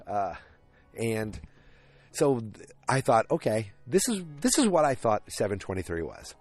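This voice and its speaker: A rambling man hosts a podcast, retelling a TV episode in a loose, chatty way with lots of ums and restarts. His voice sits fairly low. The sound is dry and close, with no room around it. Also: big pitch swings, unhurried, darkish tone, dry recording, soft background music. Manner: rambling, retells scenes in quoted voices, many fillers and restarts. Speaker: podcast host. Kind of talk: casual episode recap.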